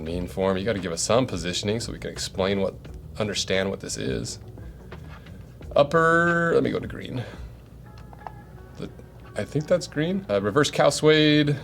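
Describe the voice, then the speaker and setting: A low-pitched American man talks casually through a boot unboxing, musing and questioning himself as he goes. Soft background music plays faintly behind his close-miked voice. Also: gravelly. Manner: thinking aloud, rambling and self-questioning. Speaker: boot reviewer.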